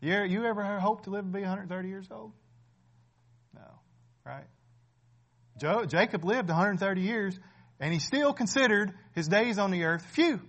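High-voiced man in his forties preaching. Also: animated, normal speed, pauses often. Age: 40s. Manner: conversational preaching with frequent "right?", swelling to loud emphatic peaks. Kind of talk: sermon.

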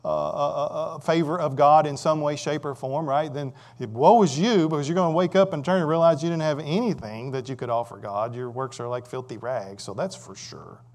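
A male preacher giving a conversational sermon, asking rhetorical questions and swinging between loud emphatic stretches and quiet asides. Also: a little high.

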